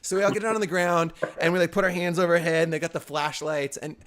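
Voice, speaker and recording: A man's voice: fairly high pitch, steady tone, fast, fairly bright tone. A man co-hosting a show, telling a story in a casual chat, rambling with many fillers and restarts. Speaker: co-host.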